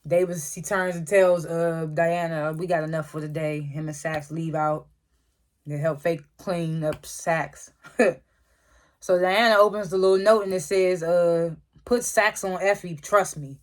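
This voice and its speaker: A reviewer loosely retelling a TV episode in a casual recap, with many "like" fillers and frequent throat clearing. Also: mid-range voice, steady tone, a little slow. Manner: loose storytelling, lots of "like" and "was like" retellings.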